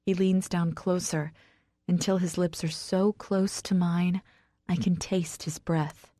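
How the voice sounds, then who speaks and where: A woman narrating a first-person romance audiobook with emotional delivery that rises to shouts in the dialogue. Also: fairly low pitch, steady tone, unhurried, dry recording, clean studio sound.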